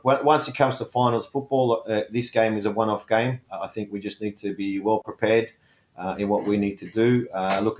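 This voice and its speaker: A man speaking as a football coach, answering interview questions in a measured way, leaning on "look" and "I think". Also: lowish voice.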